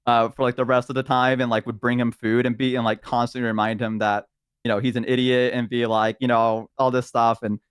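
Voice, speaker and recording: A man's voice: mid-range voice, little pitch movement, fairly quick, smooth, dry recording, clean studio sound. A man in casual chat, retelling a story in a rambling way with lots of fillers.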